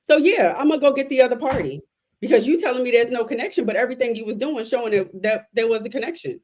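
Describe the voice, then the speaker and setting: A woman's voice: fairly high pitch, quick pace. Laid-back woman recapping scenes. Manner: relaxed storytelling with fillers, retells scenes. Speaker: podcast co-host. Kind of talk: casual recap chat.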